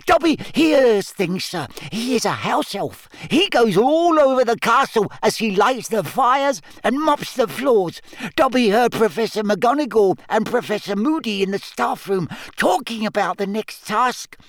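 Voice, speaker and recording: Squeaky, eager male house elf with broken grammar; very high, lively storybook voice. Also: unhurried, no echo, full character voice. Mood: earnest.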